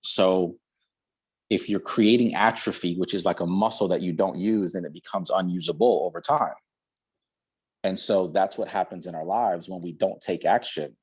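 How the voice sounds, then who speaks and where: A man giving an energetic motivational talk over a video call, driving his points home through repetition. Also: deep voice, normal speed, slightly rough. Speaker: guest speaker.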